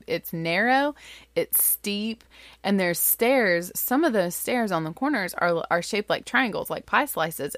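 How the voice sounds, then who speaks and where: A woman in her thirties, a mother, telling a family story in an animated, chatty way with lots of fillers. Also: on the low side, dry recording. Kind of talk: casual storytelling.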